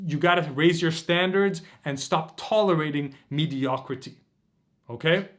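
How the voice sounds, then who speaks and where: A man leads a motivational workshop, his voice sitting a little higher than most men's. He talks in an intense, preachy way and swears freely as he presses his points. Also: moderate pace, a bit bright. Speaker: dating coach.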